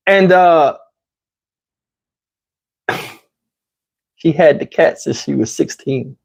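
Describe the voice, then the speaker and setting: Man, husky voice, casual profane storytelling, slangy, lively retelling. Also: on the high side, extremely slow, lo-fi sound. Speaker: channel host telling a story.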